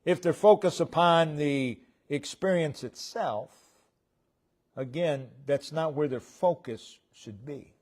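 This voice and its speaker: Slow, deliberate male preacher. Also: fairly high pitch, a little mellow. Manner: slow, deliberate preaching with pauses between phrases; voice falls away at the ends of phrases. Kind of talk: sermon. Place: church.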